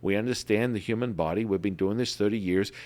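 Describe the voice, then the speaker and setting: A man hosting a podcast, talking in an emphatic, repetitive way and telling animated stories. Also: on the low side, quick pace. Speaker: podcast host. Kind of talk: enthusiastic promotional talk.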